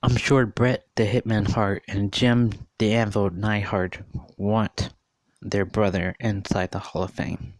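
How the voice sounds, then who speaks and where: A man's voice: lowish voice, level tone, measured pace, no room sound. A man in his thirties giving an earnest, repetitive opinion monologue, often repeating and questioning. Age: 30s. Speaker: vlogger.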